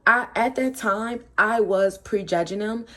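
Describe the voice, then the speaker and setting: A young woman telling a casual storytime, animated and full of slang, acting out what her friends said. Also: mid-range voice, unhurried.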